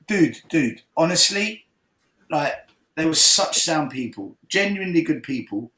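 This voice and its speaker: A man hosting a fan call-in show, telling a lively, swearing story in casual chat. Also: a little high, a little slow, roomy sound, low-quality recording.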